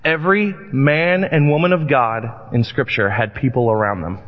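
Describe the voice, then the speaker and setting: A man preaching a sermon, reading scripture and telling lively anecdotes as he acts out voices in the stories. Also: medium pitch, normal speed. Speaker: pastor. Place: church sanctuary. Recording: long church reverb, dull lo-fi sound.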